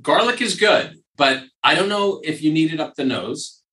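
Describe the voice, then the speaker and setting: A man from New York, a surgeon co-hosting a podcast, telling animated stories in casual chat and repeating phrases for emphasis. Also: fairly high pitch, moderate pace, far from the mic. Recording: echoey room, voice off-mic.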